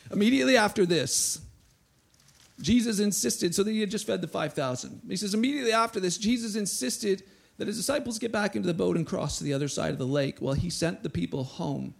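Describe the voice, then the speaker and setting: A man preaching a sermon to a church, reading scripture and acting out quotes with a rising, animated voice. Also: high voice, brisk, vocal fry, breathy edge. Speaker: pastor.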